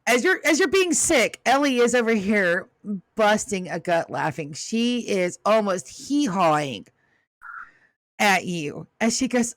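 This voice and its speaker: A woman's voice: mid-range voice, very animated, unhurried, dry recording. A woman narrating as game master for a tabletop game, in an easy, descriptive way.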